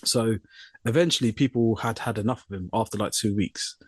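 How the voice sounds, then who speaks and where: A man's voice: on the low side, fairly quick, husky, no echo, studio quality. A young man co-hosting a podcast, casually telling a funny work story and acting out the people in it. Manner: animated storyteller, mimics voices in quotes. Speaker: podcast co-host.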